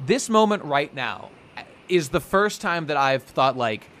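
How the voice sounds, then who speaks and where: A man's voice: a little high, expressive, a little slow, fairly bright tone, slight background noise. A man co-hosting a podcast in casual chat, rambling and swearing as he recaps and acts out bits of the story. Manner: rambling, profane, acts out characters' lines. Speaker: podcast co-host.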